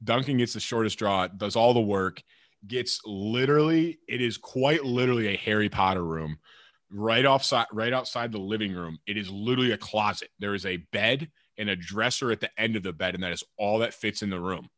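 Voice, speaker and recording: A man's voice: lowish voice, fairly quick, fairly bright tone, dry recording, clean studio sound. A young man co-hosting a podcast in casual chat, rambling with lots of "like" and "literally". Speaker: podcast co-host, pro baseball player.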